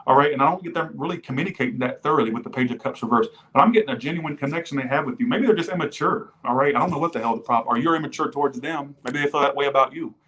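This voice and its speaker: A man's voice: medium pitch, very fast, hardly any pauses, a bit bright. A man giving a casual livestream tarot reading. He rambles, swears freely and wanders off on tangents, and he breaks off to thank viewers for donations. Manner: rambling, profane, goes off on tangents. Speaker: tarot reader.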